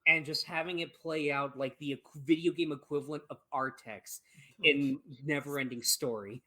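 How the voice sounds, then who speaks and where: This woman co-hosts a gaming podcast and recounts a scene from a game, laughing and swearing often as she chats. She has a low, steady voice with a bright, forceful tone and a normal pace, captured on poor audio.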